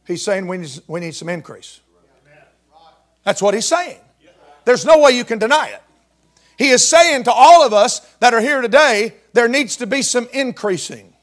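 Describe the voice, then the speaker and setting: A man in his fifties preaching a sermon with fervent delivery that swells into shouts and whoops. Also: extremely high pitch. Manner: fervent Southern-style preaching, rising to shouts.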